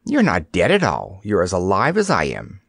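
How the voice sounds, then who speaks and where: A man's voice: sits low, wildly swooping pitch, moderate pace, creaky, breathy edge, dry recording, pitched below the performer's own voice, exaggerated voice. A man voicing a brave, curious little girl who speaks in an earnest, wide-eyed way. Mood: prim.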